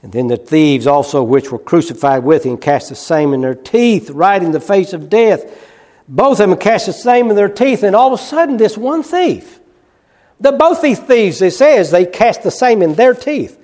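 A man preaching a sermon. He swings between loud, quick emphasis and hushed, slow passages, and repeats key phrases. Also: high-pitched, lively intonation. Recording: long reverb of a large hall.

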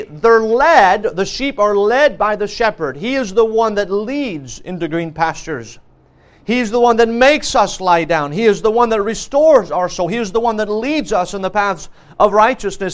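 A man preaching a sermon, earnest, repeating key phrases with frequent restarts and fillers. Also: sits high.

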